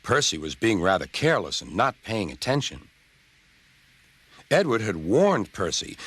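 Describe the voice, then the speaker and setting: A man narrating a children's train story in a lively storybook manner. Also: a little slow, long pauses, husky. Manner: lively, very animated pitch. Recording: music underneath.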